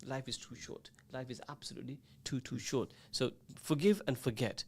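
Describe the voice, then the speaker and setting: A man's voice: mid-range voice, moderate pace, gravelly, a little mellow, slightly rough. A man hosting a radio talk show, giving earnest, emphatic advice that lists points and repeats them.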